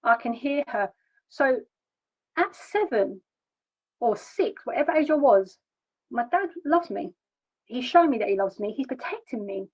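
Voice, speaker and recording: A woman telling her own hard story in plain, halting words, often repeating herself. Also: fairly high pitch, animated, husky. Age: adult. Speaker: charity founder sharing her story. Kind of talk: personal testimony. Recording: dull lo-fi recording.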